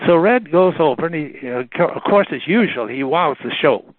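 A lively man spins anecdotes and briefly takes on the voices of the people in them. His voice sits a bit high for a man. It comes through a tinny, dry phone-like line. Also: normal speed, no room sound. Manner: animated, acts out the voices in his stories. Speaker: guest telling stories about a friend. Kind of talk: anecdotal storytelling on a radio call.

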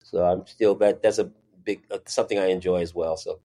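A man's voice: low-pitched, fairly even intonation, a little fast, mellow. A man, a drummer and music teacher, telling a story as an interview guest and acting out the voices he quotes.

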